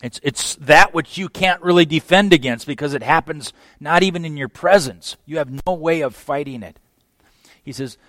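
A man preaching a sermon as pastor, emphatic, swinging from hushed phrases to loud exclamations. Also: fairly high pitch, dry recording.

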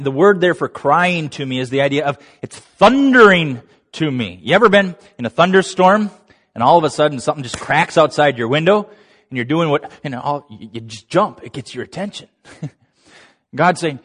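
A male preacher giving an animated sermon, acting out quoted lines with laughing asides. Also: a little high, moderate pace. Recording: long reverb of a large hall.

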